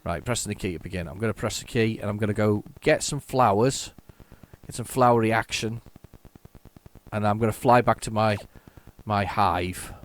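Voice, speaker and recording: A man's voice: lowish voice, moderate pace. A man hosting a retro gaming video, chatting casually and rambling through his commentary with many fillers and restarts.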